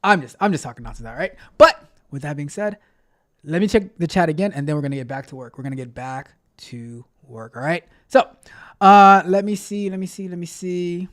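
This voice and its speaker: Hosting a casual tech livestream, this tech coach talks with viewers in a playful, motivational way and repeats himself a lot. His voice is a little high, expressive and fairly bright, and he speaks a little fast.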